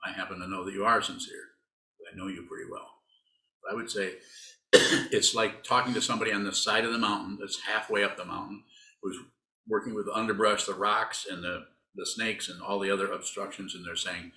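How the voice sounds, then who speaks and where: A man, a Buddhist teacher, talks through a dharma talk in a rambling, teasing, conversational way. His voice sits low and sounds forceful and bright, and the room around him is echoey. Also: steady tone, fairly quick. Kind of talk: dharma talk answering students.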